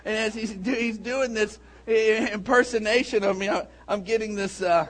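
Animated higher-voiced man preaching. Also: moderate pace. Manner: animated storytelling, shouting when acting out scenes. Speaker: pastor. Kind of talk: sermon.

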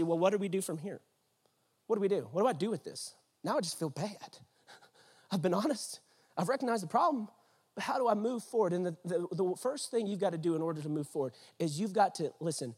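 High-voiced, husky preaching man. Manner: swings from hushed to shouting with repeated prayer lines. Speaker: pastor. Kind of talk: sermon. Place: church stage.

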